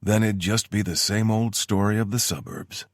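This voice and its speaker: A man's voice: lowish voice, steady tone, normal speed, no echo, pitched above the performer's own voice, close to an everyday voice. An actor voicing a wry soldier who banters with his lover in an audiobook. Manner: dry, joking banter.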